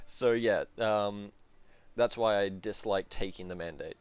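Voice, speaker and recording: A man's voice: lowish voice, measured pace, smooth, dry recording. A man casually reviewing a strategy game campaign, rambling and swearing, with lots of fillers and restarts. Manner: rambling, profane, full of fillers and self-corrections.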